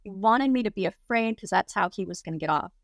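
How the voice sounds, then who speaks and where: A woman's voice: medium pitch, lively intonation, fast, no room sound, studio quality. A young adult woman, a guest on an interview show, telling a personal story casually and filling it with lots of "like". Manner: chatty, heavy use of "like" fillers.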